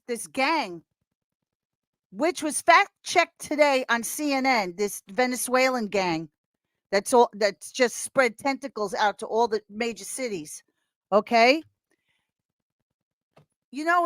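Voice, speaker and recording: A woman as a podcast guest in casual chat, talking in an animated, rambling way and laughing often. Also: high voice, measured pace, no room sound.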